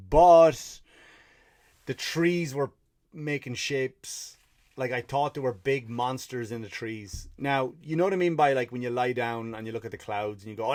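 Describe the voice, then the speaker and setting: A man's voice: medium pitch, no room sound, studio quality. An Irish man who hosts a comedy podcast, telling a rambling story with profanity and fired-up rants. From Ireland. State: tired after running 50 miles (story).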